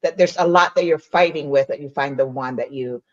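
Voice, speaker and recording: A woman's voice: very deep voice, brisk, highs cut off, slight background noise. A woman co-hosting a podcast, speaking hesitantly, restarting and searching for words. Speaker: podcast co-host. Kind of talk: podcast conversation.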